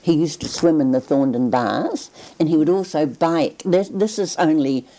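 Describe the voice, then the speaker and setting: An older woman speaks in a very low, mellow voice. She talks reflectively in an oral history interview, often pausing and restarting her sentences as memories come back. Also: low-quality recording. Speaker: interviewee recalling her grandfather.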